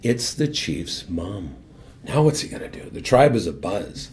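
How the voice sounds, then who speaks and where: An older man, a former hockey captain, telling his personal faith story as a guest in an earnest, animated way and then leading a prayer. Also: sits low, unhurried.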